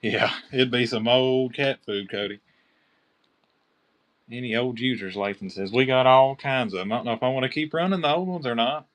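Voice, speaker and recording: A man with a Kentucky accent selling knives on a live-stream auction, chatty and excited, calling out bidders by name. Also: mid-range voice, normal speed.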